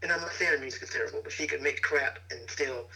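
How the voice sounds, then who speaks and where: Bright-voiced, hesitant man. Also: medium pitch, quick pace, creaky, low-quality recording. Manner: thoughtful, hesitant, many fillers. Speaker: podcast co-host. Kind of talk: casual music review chat.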